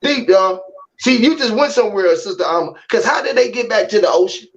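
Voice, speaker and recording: A man with a fairly high voice holds the floor in a loose, casual chat. He rambles and swears freely, stretching out playful metaphors. The recording sounds muffled and lo-fi. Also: lively intonation, fairly quick. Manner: rambling, profane, spins long fish metaphors. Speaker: host of an online talk room.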